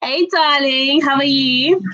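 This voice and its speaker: A woman's voice: high voice, slow pace, sharp tone, lo-fi sound. Bubbly woman hosting a live chat. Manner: bubbly and affectionate, calls people darling, laughs often. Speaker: live stream host taking calls.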